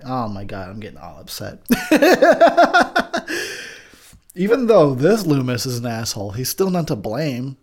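A man's voice: mid-range voice, sing-song, normal speed. A tipsy man giving drunken movie commentary, ranting with lots of swearing and laughter. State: tipsy from drinking.

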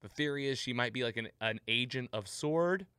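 Smooth-voiced man recapping an episode. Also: medium pitch, fairly quick, dry recording, studio quality. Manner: animated retelling, laughs at the jokes. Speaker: podcast host. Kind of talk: casual episode recap chat.

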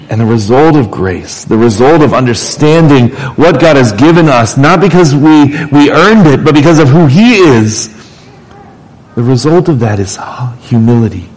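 A pastor delivers a sermon in a conversational style, speaking at an ordinary pitch for a man. He stumbles and repeats words as he works through his points. He sounds relaxed rather than formal. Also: poor audio. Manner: conversational preaching, frequent restarts and repeated words.

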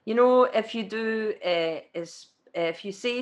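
A woman's voice: mid-range voice, unhurried. A woman with a Scottish accent, a guest in a casual interview chat, rambling and wry and laughing often.

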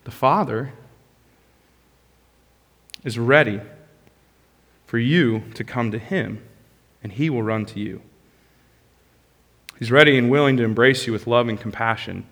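Passionate preacher in a reverberant hall. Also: male voice, medium pitch, moderate pace, pauses often. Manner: passionate, swings from loud bursts to soft hushed lines. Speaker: pastor. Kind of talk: sermon.

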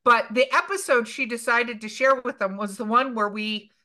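A woman's voice: fairly high pitch, moderate pace. A woman hosting a paranormal podcast, telling stories and reading listener questions in casual group chat. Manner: animated storyteller, reads listener questions. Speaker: podcast host.

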